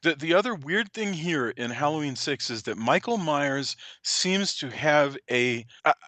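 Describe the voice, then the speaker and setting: A man with a bright, forceful voice talks casually about movies on a podcast. He rambles, corrects himself and chuckles between thoughts. The sound is dry and close. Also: a little high, expressive, measured pace, dry recording. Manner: rambling, self-correcting, chuckles while talking. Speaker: podcast co-host. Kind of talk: casual film review chat.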